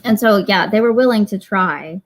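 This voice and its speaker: A woman working as an animal medium who chats as a guest, telling animated stories and breaking into exclamations. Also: medium pitch, normal speed, a little hiss or hum, rough recording. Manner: animated, exclamatory, acts out quoted voices. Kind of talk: casual conversation, storytelling.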